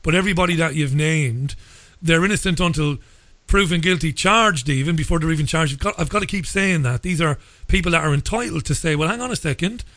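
A male radio host with a fairly high voice, talking with careful, halting restarts. The sound is dry and close to the mic, with no room echo. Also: a bit bright. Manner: hesitant, stammering, measured. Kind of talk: interview.

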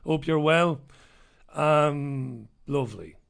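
A man's voice: a little high, slow, gravelly, clear, resonant tone. A middle-aged man hosting a radio show, chatting casually and bluntly as he reads out listener messages.

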